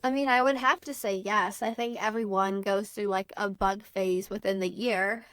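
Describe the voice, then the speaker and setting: A young woman co-hosting a casual podcast chat over a video call, relaxed and agreeable, with frequent fillers. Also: medium pitch, moderate pace, dry recording. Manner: relaxed, agreeable, uses "like" often. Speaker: podcast co-host.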